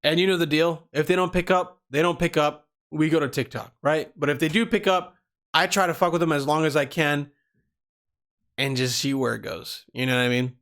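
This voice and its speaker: A man's voice: on the high side, fairly even intonation, brisk, fairly bright tone. A man hosting a comedy podcast, talking casually in a rambling, profane way and often stumbling over his words. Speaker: podcast host.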